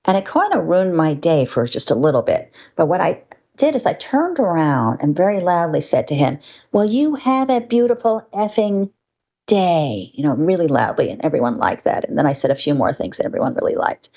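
Low, gravelly older woman telling stories. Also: sing-song, brisk, darkish tone. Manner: wry, candid, conversational, with mild profanity. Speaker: storyteller. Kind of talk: personal storytelling monologue.

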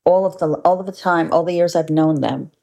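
A woman's voice: on the low side, brisk, mellow. An older woman telling a personal story in a wry, candid, conversational way, with mild profanity.

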